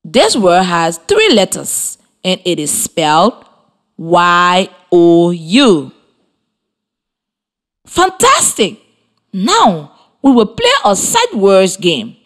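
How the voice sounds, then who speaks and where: A woman from Liberia teaching a primary lesson over the radio, with slow, clearly articulated, encouraging instruction to children. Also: mid-range voice, huge pitch swings. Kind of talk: slow scripted classroom instruction. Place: radio studio with students present.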